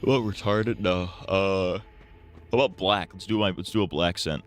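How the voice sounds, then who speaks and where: A man's voice: deep voice, normal speed, faint music behind. A man streaming a game with casual, rambling commentary, crude and laughing at his own jokes.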